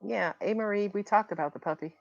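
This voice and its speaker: A woman's voice: mid-range voice, quick pace, gravelly, dry recording. A woman giving a livestream tarot reading who grows emotional and keeps asking viewers for confirmation, heard over dull lo-fi audio. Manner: emotional, repeatedly asks for confirmation. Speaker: tarot reader.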